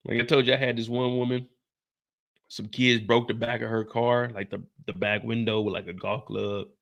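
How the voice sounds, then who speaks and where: A man's voice: mid-range voice, level tone, normal speed, creaky, a bit bright, lo-fi sound. A man hosting a casual TV episode recap, telling it in a brash, profane style with personal asides. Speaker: TV recap host.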